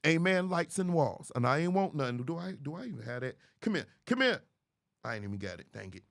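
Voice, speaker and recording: A man's voice: mid-range voice, lively intonation, fast, creaky, fairly bright tone, no echo, studio quality. A man hosting a show, speaking casually and preaching straight to his viewers. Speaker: host. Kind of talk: casual commentary monologue.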